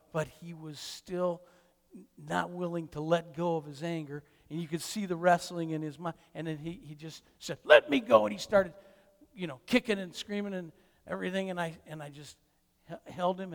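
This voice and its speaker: Gravelly older man telling a story. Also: on the high side, in a large hall. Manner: halting, repeats words, self-mocking humor. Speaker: grandfather telling a family story. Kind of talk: personal storytelling.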